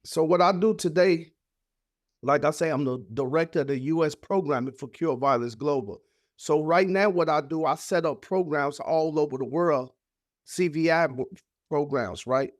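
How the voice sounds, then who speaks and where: A man's voice: on the high side, normal speed, no echo, clean studio sound. Earnest man telling his own story. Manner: casual, heartfelt, acts out voices of family in his story. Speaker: podcast guest. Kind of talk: emotional personal storytelling.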